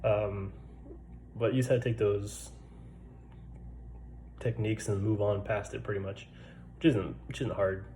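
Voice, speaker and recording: Stuttery guy in his 20s, low flat voice, just chatting in his barracks, faint hum behind. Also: measured pace, pauses often, low-quality recording. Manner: stuttering, laid-back, many fillers. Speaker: vlogger. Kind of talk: casual personal storytelling. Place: military barracks room.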